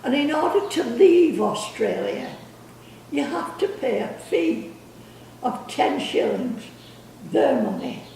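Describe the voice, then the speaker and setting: An older woman tells rambling family stories in a casual way, repeating words and laughing as she goes. Her voice sits high with lively intonation, slow, gravelly, and mellow. It was recorded in an echoey room with a distant mic and a little hiss or hum.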